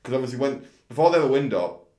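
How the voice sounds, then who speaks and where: A racing tipster chats casually about horse racing tips in an echoey room, sounding thoughtful and a little hesitant and repeating words. His mid-range voice is animated and mellow, and he talks at a racing pace.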